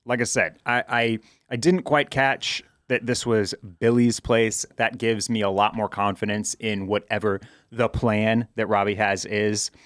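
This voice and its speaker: A man's voice: fairly low pitch, level tone, unhurried, a bit bright, dry recording, studio quality. A man co-hosting a podcast in casual chat, thinking aloud with stammered restarts. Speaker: podcast co-host.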